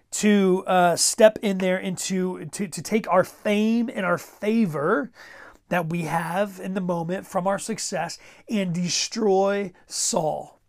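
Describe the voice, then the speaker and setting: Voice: medium pitch, a little mellow. A pastor preaching a sermon in a conversational way, repeating words and pressing urgent exhortations.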